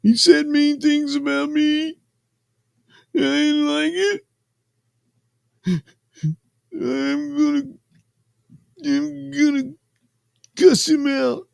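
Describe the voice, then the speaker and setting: A man's voice: fairly even intonation, extremely slow, vocal fry, pauses often, dry recording, exaggerated voice. Man doing a shrieking whiny man-child. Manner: high, whiny, yelling. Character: shrieking, petulant man-child who yells at a rival.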